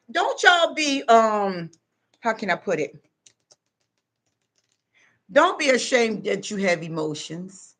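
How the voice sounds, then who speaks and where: A middle-aged woman speaks in a mid-pitched voice, addressing her followers directly. She talks in an emphatic, preachy way. Her monologue is unscripted and motivational. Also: fairly bright tone. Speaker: spiritual self-help vlogger.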